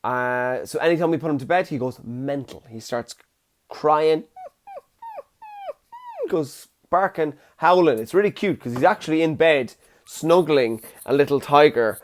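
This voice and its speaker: A man's voice: fairly high pitch, unhurried. A young man, hosting a casual solo podcast with chatty, jokey storytelling. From Ireland. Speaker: podcast host.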